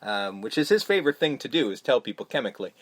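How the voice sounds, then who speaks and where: Animated, profane man recapping a film. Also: medium pitch. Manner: animated, profane, retells scenes with quick put-on voices. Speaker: podcast co-host. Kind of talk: casual film discussion podcast.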